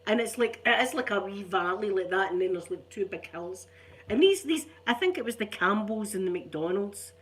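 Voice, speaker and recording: A woman's voice: mid-range voice, animated, moderate pace, a bit bright. Chatty middle-aged Scottish woman. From Scotland. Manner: rambling, chatty, self-mocking. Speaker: ASMR channel host. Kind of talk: casual chat.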